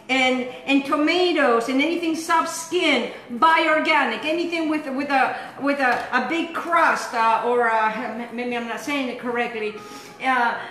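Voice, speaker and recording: A woman hosts a home cooking show from her kitchen, demonstrating a recipe in a chatty, rambling, enthusiastic manner. Her voice is high and a bit bright, in a reverberant room with a rough recording.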